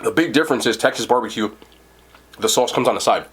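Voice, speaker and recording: A man's voice: mid-range voice, fast talker, fairly bright tone, husky. A young man reviewing food in a casual eating vlog, enthusiastic and talking while he chews. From New Jersey. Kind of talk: eating vlog with mouth full.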